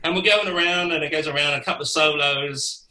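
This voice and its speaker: A man, telling a lively anecdote as a podcast guest, laughing and swearing casually as he goes. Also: a little high, brisk, echoey room, rough recording. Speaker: guest musician. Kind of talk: anecdotal storytelling.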